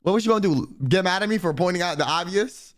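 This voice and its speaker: A young man, a streamer, telling a profane, animated story in casual chat and quoting people in put-on voices. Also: high voice, fast.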